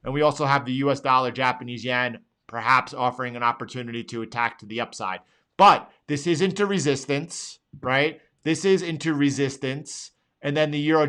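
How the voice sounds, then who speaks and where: A man's voice: medium pitch, sharp tone. A man hosting a trading show, walking through charts live and talking in an emphatic, repetitive way, at times pleading with viewers. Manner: emphatic, pleading, repeats phrases. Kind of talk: live market analysis.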